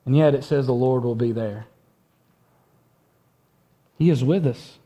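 A man preaching a sermon in earnest, swinging from loud emphasis to a hushed voice and often repeating words as he restarts. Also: mid-range voice, unhurried. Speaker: pastor.

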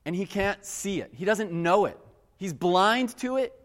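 A fairly high-voiced man preaching in an earnest, animated way and weaving a personal story into his sermon. His voice rings out with a long reverb, as if he is filling a large church hall. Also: unhurried. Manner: earnest, animated storyteller who addresses the crowd as guys. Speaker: pastor.

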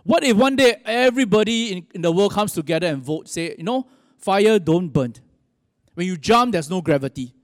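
A man's voice: high-pitched, lively intonation, normal speed, clean studio sound. A man preaching a sermon as pastor, conversational and asking his listeners questions. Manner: conversational, asks the audience questions. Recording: long hall reverb.

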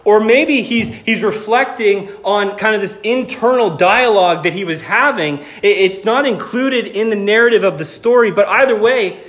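A male pastor delivers a sermon in a high, bright speaking voice. He talks to the congregation in a casual, conversational way and slips in jokes as he goes. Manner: animated, conversational, joking.

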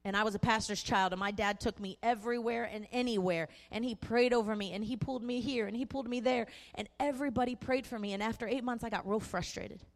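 A woman's voice: a little high, fast talker, hardly any pauses. A young woman pastor giving an impassioned sermon testimony, earnest and emphatic with repeated phrases. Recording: echoey hall.

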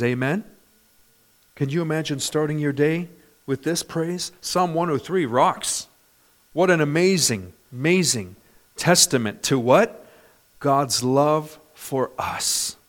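A man in his fifties preaching a sermon in an emphatic, conversational way, often asking his congregation for an amen. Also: a little high. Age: 50s. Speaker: pastor.

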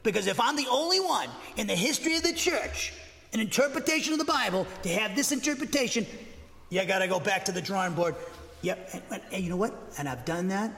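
A pastor preaches in a high-pitched male voice, pressing his points with emphasis. He rambles and restarts his sentences as he goes. The sound rings out in a reverberant hall. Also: lively intonation, fairly quick, bright, forceful tone. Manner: rambling, self-correcting, emphatic. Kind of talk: sermon.

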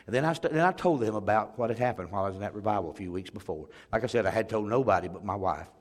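A man's voice: lowish voice, very fast. A middle-aged man, a pastor preaching and telling a story in an earnest, emotional way. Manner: earnest, emotional storytelling that acts out others' words. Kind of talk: storytelling sermon.

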